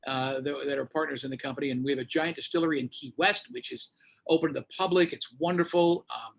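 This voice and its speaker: A man's voice: fairly high pitch, quick pace, creaky. A man, a radio host, telling a story in casual conversation and acting out the people he quotes. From United States. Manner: animated, acts out quoted voices. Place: Florida.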